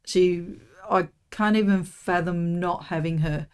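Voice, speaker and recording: Chatty Australian mother, low voice. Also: steady tone, unhurried, smooth. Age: middle-aged. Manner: warm, rambling, many "you know"s. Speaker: podcast guest, host's mother. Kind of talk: casual chat.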